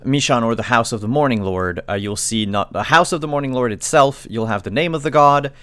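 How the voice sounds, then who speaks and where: A man's voice: medium pitch, brisk, a bit bright, clear, resonant tone. A man acting as game master, explaining rules and narrating a tabletop game.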